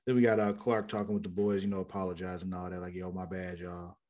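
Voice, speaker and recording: A man's voice: deep voice, rapid-fire. A man co-hosting a casual chat about a TV episode, swearing freely and acting out characters. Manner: profane, animated, acts out characters in quotes. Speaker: podcast co-host.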